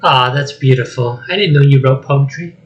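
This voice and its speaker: A man voicing a loud, jittery talking male donkey while reading a script aloud, with high excitable chatter. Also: moderate pace, highs cut off, lightly acted. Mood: chatty. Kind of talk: solo script reading with voices.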